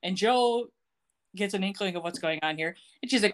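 A woman's voice: mid-range voice, expressive, moderate pace. A woman co-hosting a podcast, chattily recapping a TV episode and laughing often. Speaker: podcast co-host. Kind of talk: casual chat recapping a TV show.

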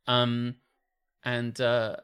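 A man's voice: mid-range voice, completely flat delivery, extremely slow, a bit bright, clean tone. A British man co-hosting a comedy podcast, chatting casually, swearing freely and acting out other people in shifting voices. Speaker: podcast co-host.

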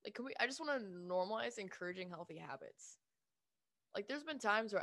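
A young woman vents in a casual vlog rant, blunt and emphatic, with frequent swearing and a steady stream of "like". Her voice sits at a middling pitch for a woman. The sound is close and dry, with no room echo. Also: a little fast. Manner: speaks with lots of "like" fillers. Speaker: vlogger.

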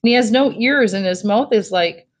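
A woman reading aloud, voicing a blunt, defensive fifth-grade boy in a higher, lively voice. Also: normal speed, lightly acted. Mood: insistent.

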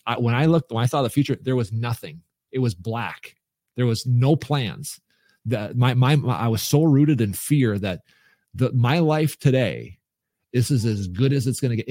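A man's voice: medium pitch, darkish tone, no room sound. Earnest man telling his story, dry sound. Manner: earnest, emphatic, with frequent restarts. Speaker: podcast guest. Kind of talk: candid personal storytelling.

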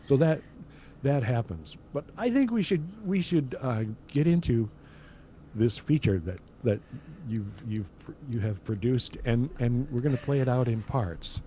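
An older man hosting a podcast with dry, wry humor. His mellow voice moves up and down a lot as he talks in halting bursts. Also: medium pitch, animated, slight background noise. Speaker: podcast host. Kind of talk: casual podcast chat.

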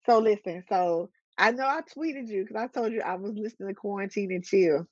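A woman's voice: mid-range voice, brisk, a little mellow, dry recording, lo-fi sound. A woman hosting an interview, chatty and enthusiastic, with plenty of fillers. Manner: chatty and enthusiastic, many fillers and back-channel "mm-hmm"s. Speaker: interview host. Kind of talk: casual interview chat.

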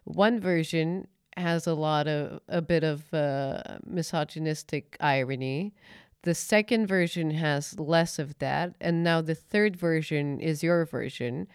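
Woman host, low and smooth voice, measured questions. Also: no room sound, clean studio sound. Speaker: podcast host. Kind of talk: podcast interview.

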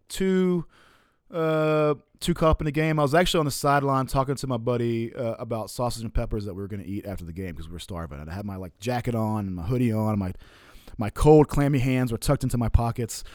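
Man, adult, casual storyteller, profane and laughing, mid pitch, dry recording. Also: no room sound. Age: adult, looking back on his college years. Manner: relaxed and profane, with frequent laughs and fillers.

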